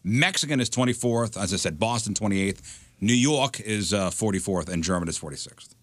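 Bright lively man hosting. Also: on the low side, normal speed. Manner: reads out rankings, teasing and laughing. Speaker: radio show host. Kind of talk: casual morning show banter.

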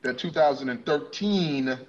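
A man's voice: on the high side, unhurried, muffled recording, a little hiss or hum. A man co-hosting a basketball podcast, upbeat, talking in long run-on thoughts. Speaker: podcast co-host. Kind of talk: casual sports chat.

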